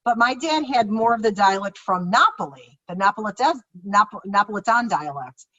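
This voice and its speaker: Woman children's author, chatty and animated, mid-pitched voice, slightly muffled podcast audio. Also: moderate pace. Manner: animated, excitable storyteller who voices her own past reactions. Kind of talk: casual conversational storytelling.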